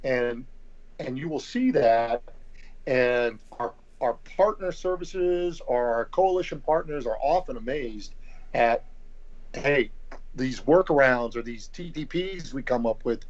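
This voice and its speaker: A middle-aged man, a guest on a podcast, explaining things deliberately and repeating words as he thinks. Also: medium pitch, lively intonation. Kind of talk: casual conversation. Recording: slightly dull lo-fi audio.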